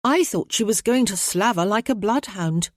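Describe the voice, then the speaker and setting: A woman voicing a gentle, anxious young gentlewoman who talks earnestly. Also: mid-range voice, expressive, moderate pace, no echo, studio quality, natural voice.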